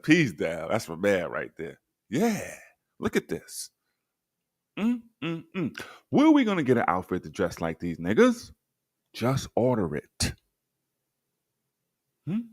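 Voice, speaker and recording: A man with a low voice hosts a livestream and reads old documents aloud to his viewers, stopping often to comment sardonically. His delivery is slow and unhurried, but his pitch swings widely. The sound is dry and close, with no room echo. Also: wildly swooping pitch. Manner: sardonic, talks straight to viewers. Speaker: livestream host. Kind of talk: livestream history commentary, reading documents to chat.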